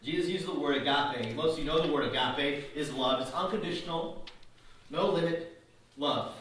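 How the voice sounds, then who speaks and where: A man's voice: fairly high pitch, normal speed, fairly bright tone, slight background noise. A man preaching a sermon in a casual, conversational way, often restarting and adding asides. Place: church sanctuary. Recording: echoey church hall, mic at a distance.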